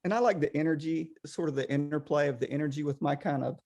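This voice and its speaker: A man's voice: on the high side, fast. A middle-aged man, a potter, chatting casually over a video call, rambling with many restarts. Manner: rambling, animated, lots of restarts.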